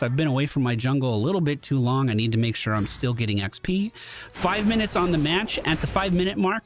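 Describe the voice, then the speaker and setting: A tired man giving explanatory play-by-play commentary over a video game match. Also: a little high. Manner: explanatory, animated, strategic play-by-play. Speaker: gaming commentator. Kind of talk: gameplay commentary. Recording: clear background music.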